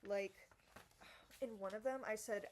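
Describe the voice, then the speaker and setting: A woman ranting to camera in a profane, sarcastic monologue, swinging between loud theatrical outbursts and low mutters. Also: unhurried, slight background noise. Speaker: vlogger.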